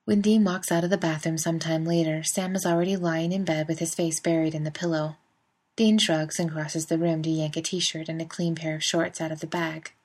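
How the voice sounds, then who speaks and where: A woman's voice: low-pitched, little pitch movement, a little fast, darkish tone. A woman narrating a fan fiction story in a wry, conversational way. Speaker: reader. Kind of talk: fan fiction audiobook reading.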